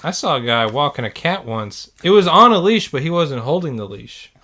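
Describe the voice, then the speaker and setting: A young man hosting a casual podcast, talking in a relaxed way and laughing easily. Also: fairly high pitch, moderate pace. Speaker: podcast host. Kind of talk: casual chat.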